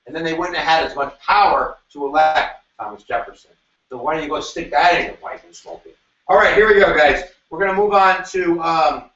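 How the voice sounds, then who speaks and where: A male teacher with a high voice runs an energetic review lesson, cracking jokes and breaking into shouts. He is recorded from a distance in an echoey room with a dull, muffled sound. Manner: animated, jokey, with sudden shouts and asides. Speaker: history teacher. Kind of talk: energetic classroom review lecture.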